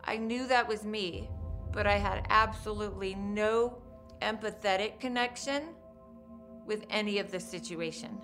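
A woman giving documentary interview testimony as a crime survivor, in a measured, halting, hushed way. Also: mid-range voice, soft background music.

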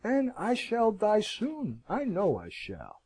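A lovesick young girl, proud and impulsive, pouring out self-mocking outbursts, as a male audiobook reader gives her lines. The voice sits a little high with a lively, swooping melody, yet keeps a dark, mellow tone. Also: takes it slowly, husky, exaggerated voice, low-quality recording. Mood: tearful resolve. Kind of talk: audiobook reading.

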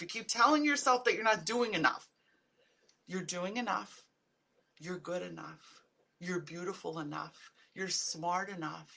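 Bright-voiced woman hosting a livestream. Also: medium pitch, creaky. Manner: chatty, direct, addresses viewers as guys. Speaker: wellness livestream host. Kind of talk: casual live-stream advice talk.

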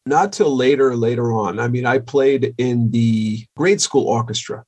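A husky, slightly breathy man. He talks as a podcast guest, loose and joking, rolling from one road story into the next. His pitch sits in an ordinary middle range. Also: measured pace, darkish tone. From Long Island, New York. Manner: joking, storytelling, laughs easily. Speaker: podcast guest, rock drummer. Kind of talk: casual interview chat.

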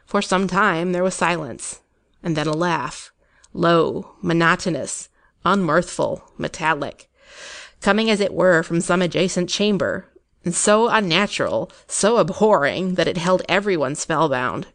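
A woman giving a measured, expressive audiobook reading of an old ghost story. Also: fairly low pitch. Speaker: narrator.

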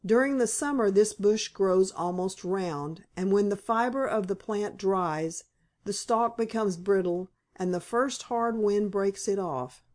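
A woman's voice: medium pitch, measured pace, a little mellow, lightly acted. A woman reading the part of a cheerful pioneer father who explains things to his children in an audiobook.

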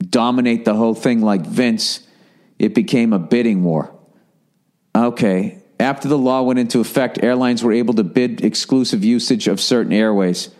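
This is a middle-aged podcast host talking alone and rambling, in a mid-range voice with a slightly mellow quality. He swears, leans on sarcasm, and reads listener emails aloud with constant asides.

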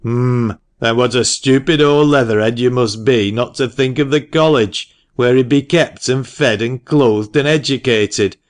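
A man voicing a brusque, sharp-tongued old male parson in an audiobook, loud and scolding. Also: mid-range voice, unhurried, hardly any pauses, voice pushed up, close to an everyday voice. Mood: gruff. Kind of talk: audiobook character reading.

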